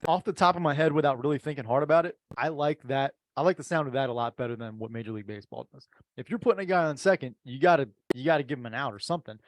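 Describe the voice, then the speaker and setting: A man's voice: mid-range voice, no echo. Laid-back man in casual chat. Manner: laid-back, quick agreeable replies. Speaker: co-host.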